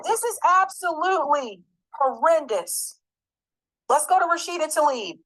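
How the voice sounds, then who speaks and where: A woman's voice: sits high, lively intonation, a little slow, a bit bright. A woman giving an angry, emphatic political commentary, swearing and repeating her points.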